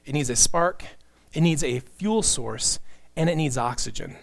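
Man, middle-aged, pastor, sermon, earnest, animated, wry asides, slightly high-pitched. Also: measured pace, creaky.

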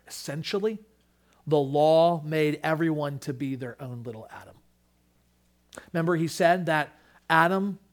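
A man delivers a sermon in a fairly high voice. He moves between quiet, drawn-out lines and loud, stressed declarations. He ends by praying aloud. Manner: swings from hushed to loud preaching. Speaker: pastor. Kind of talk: sermon with closing prayer.

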